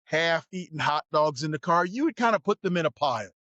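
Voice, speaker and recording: Male guest, high voice, lively storyteller doing voices, dry close sound. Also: fairly quick, no echo, highs cut off. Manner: acts out voices and shouts in his stories. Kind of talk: animated storytelling.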